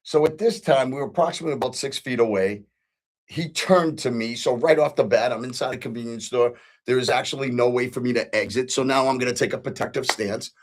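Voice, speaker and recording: Middle-aged male host with a mid-pitched voice, rambling earnestly through a personal story. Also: brisk. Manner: earnest, repeats himself, frequent ums and restarts. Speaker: podcast host. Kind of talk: casual storytelling monologue.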